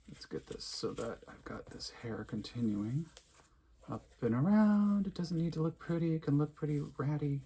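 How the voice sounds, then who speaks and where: A man's voice: fairly low pitch, creaky, a little mellow, husky. A man giving an unscripted crafting tutorial, chatting, thinking aloud and humming to himself as he works. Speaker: craft instructor.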